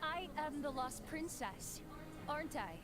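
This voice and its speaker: A woman's voice: high-pitched, expressive, a little slow. A woman voicing a spirited young princess in a game cutscene, speaking with hurt defiance. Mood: defiant. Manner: emotional, accusing, bold. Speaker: game character. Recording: music playing behind.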